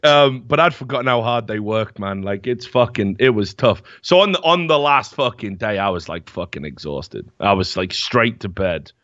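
A man's voice: lowish voice, expressive, normal speed, few pauses, fairly bright tone, no room sound. A young man telling rambling, profane stories in a casual chat as podcast host. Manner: rambling, profane storytelling with many fillers. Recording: dull, dry lo-fi mic.

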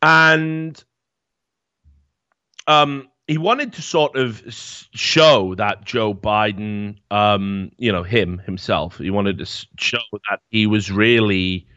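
A man's voice: on the low side, slow, pushed and bright, dry recording, highs cut off. A man hosting a podcast in casual chat, sarcastic, swearing and laughing as he talks. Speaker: podcast host.

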